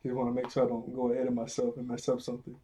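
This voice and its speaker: Husky young guy rambling thru a cartoon episode recap, laughs a lot, does little voices for the characters. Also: mid-range voice, completely flat delivery, mellow. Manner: rambling, laughs often, retells scenes in quick quoted voices. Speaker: video reviewer.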